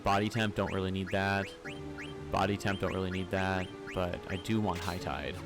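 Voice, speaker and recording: A low-voiced man streaming a game, thinking out loud and swearing casually as he goes. Faint game music plays underneath. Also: level tone, normal speed. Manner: musing aloud, swears casually. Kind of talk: casual gameplay commentary.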